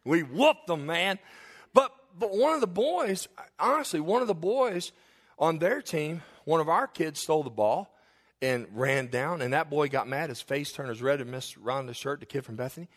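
A man's voice: fairly high pitch, expressive, moderate pace. A male pastor preaching a sermon in church, telling confessional, humorous stories to his congregation.

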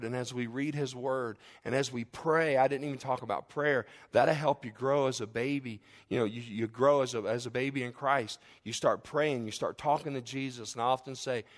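A middle-aged male pastor preaching a sermon, telling lively family stories and then easing into a soft, hushed close. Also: mid-range voice. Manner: animated storytelling that drops to a soft, hushed close.

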